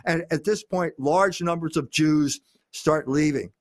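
An older man speaking as a guest, lecturing on history in an emphatic way, with frequent pauses on "uh". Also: on the high side, dry recording, studio quality.

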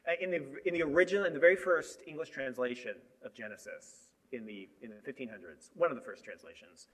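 A man preaching a sermon, animated, moving between emphatic lines and hushed asides. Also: medium pitch, quick pace.

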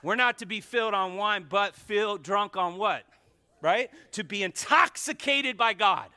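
A male pastor preaching a sermon to his church, fervent and shifting between shouts and hushed asides. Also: high voice, measured pace. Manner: fervent, swings from shouting to near whispers. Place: church sanctuary.

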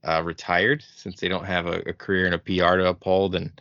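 Low gravelly-voiced man chatting casually. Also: level tone, a little fast, fairly bright tone, no echo. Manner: laid-back, rambling with fillers. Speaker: podcast guest, show creator. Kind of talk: casual podcast chat. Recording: dull lo-fi audio.

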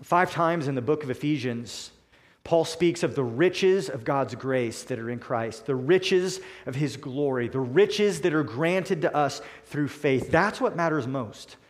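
A man preaching a sermon in a deliberate, emphatic way, slowing down to stress key words. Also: fairly high pitch, expressive.

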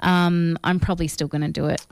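Woman, Australian accent, podcast co-host, casual, animated, self-deprecating, dry close mic. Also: on the low side, brisk, dry recording. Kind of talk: casual chat about films.

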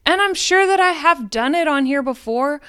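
A woman's voice: high voice, animated, normal speed, fairly bright tone, no echo, studio quality. A woman hosting a spiritual podcast, talking frankly and profanely in a rambling, self-questioning monologue. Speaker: podcast host.

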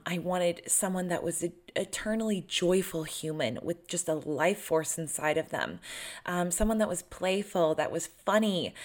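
A young woman coaching viewers on manifesting love, chatty and earnest with plenty of fillers. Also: fairly low pitch. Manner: chatty and earnest, with many fillers and little laughs. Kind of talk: casual talk to camera.

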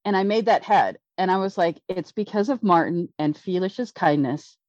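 Excitable middle-aged woman telling a rambling story. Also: fairly low pitch, normal speed, dry recording. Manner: rambling, excitable, many restarts. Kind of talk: casual storytelling. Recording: dull lo-fi dry recording.

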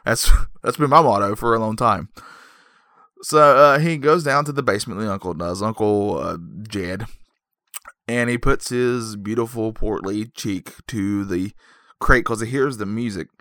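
A man's voice: on the low side, a little slow, sharp tone, dry recording, studio quality. A man rambling through a comedic plot recap, full of digressions and self-mocking jokes.

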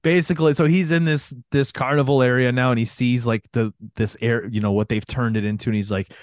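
A man's voice: medium pitch, steady tone, brisk, no room sound, clean studio sound. A man co-hosting a casual movie chat, animatedly retelling scenes and acting them out with noises and quoted lines. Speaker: podcast co-host.

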